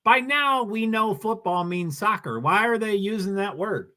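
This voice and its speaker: A man's voice: sits high, expressive, unhurried, sharp tone. Rambling New England man hosting a livestream. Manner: rambling, reads comments and news aloud. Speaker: livestream host. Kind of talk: casual livestream chat.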